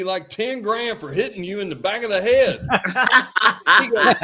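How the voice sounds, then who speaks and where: A man telling a lively story as a podcast guest, acting out quotes and laughing often. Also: sits high, unhurried, a little hiss or hum. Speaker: podcast guest, former quarterback. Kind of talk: animated storytelling.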